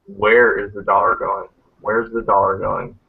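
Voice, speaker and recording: A man's voice: lowish voice, flat delivery, measured pace, vocal fry, breathy edge. A man hosting a casual group video chat, rambling and blunt, swearing freely. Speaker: hangout host. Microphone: video call. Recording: tinny phone-like audio.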